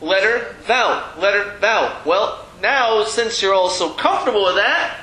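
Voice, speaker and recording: A man's voice: high voice, expressive, moderate pace, reverberant, background noise. A man teaching a Hebrew reading class, chatty and self-deprecating, often restarting his sentences. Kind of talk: classroom lesson. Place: classroom with a board.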